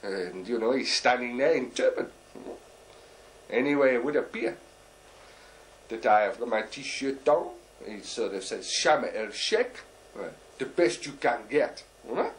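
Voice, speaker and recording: A man playing a bumbling, boastful male deep sea diver who tells a comic story in halting, broken English, rambling and full of fillers. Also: expressive, lightly acted. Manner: rambling, full of "uh" and "you know". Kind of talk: character stand-up monologue.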